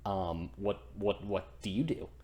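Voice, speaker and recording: Man playing a boastful male thunder god, indignant, bragging, slow-paced. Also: on the low side, darkish tone, natural voice.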